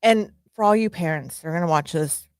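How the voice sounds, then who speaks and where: A woman's voice: lowish voice, fairly quick, a little mellow, no room sound, clean studio sound. A middle-aged woman co-hosting a podcast, telling stories with emotion in casual chat. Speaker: podcast co-host.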